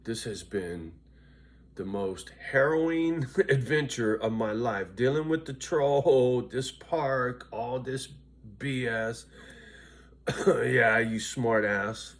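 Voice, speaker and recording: A man's voice: mid-range voice, expressive, takes it slowly, fairly bright tone. A tired, loopy middle-aged man vlogging to his viewers in a casual, rambling way, swearing freely and often asking "right?". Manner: profane, chatty, keeps asking "right?". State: worn out and loopy.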